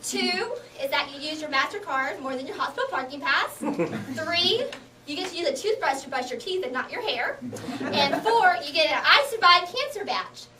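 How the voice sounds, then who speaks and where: A young woman giving a humorous contest speech, telling stories in an animated way and laughing often. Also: high-pitched, normal speed. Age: young adult. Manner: animated storytelling with bursts of laughter. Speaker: contest speaker. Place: hall with audience. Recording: echoey hall from far off, noisy.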